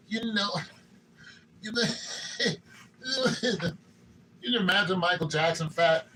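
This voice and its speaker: Playful self-mocking man, high lively voice. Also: unhurried, long pauses, recorded from a distance, a little hiss or hum, rough recording. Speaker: vlogger. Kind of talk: joking self-talk. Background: hip hop music.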